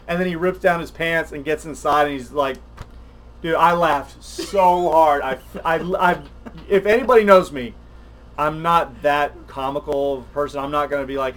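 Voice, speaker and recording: Animated rambling older man. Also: fairly high pitch, fairly quick. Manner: rambling, animated, many restarts. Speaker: podcast co-host. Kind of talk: casual chat on a livestream.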